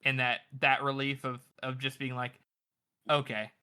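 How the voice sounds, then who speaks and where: A man's voice: mid-range voice, little pitch movement, normal speed, sharp tone, clean tone. A man co-hosting a book podcast, thinking aloud reflectively and hedging his views. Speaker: podcast co-host. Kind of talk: casual book discussion.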